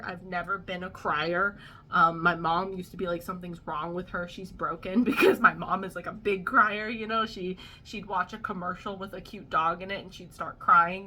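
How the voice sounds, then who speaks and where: A woman's voice: lowish voice, sharp tone. A young woman vlogging at home, talking casually and laughing at herself, with lots of ums and likes. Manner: chatty, laughing, self-deprecating, many fillers. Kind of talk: casual storytime vlog.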